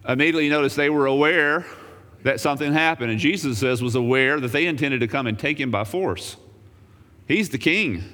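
Animated male preacher in a reverberant hall. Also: brisk. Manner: animated preaching, swinging from loud raised emphasis to quiet low asides; wry, joking asides. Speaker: pastor. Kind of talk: sermon.

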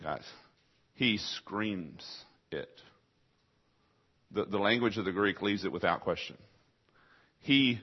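Male pastor, husky and mid-pitched, emphatic sermon delivery, muffled recording. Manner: emphatic preaching, swings from loud to hushed. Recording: dull lo-fi sound.

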